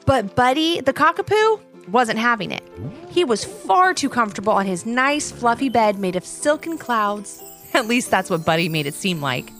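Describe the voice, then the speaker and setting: A woman hosting and narrating a children's story in a bubbly, expressive way. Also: fairly high pitch, normal speed, soft background music. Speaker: storyteller host.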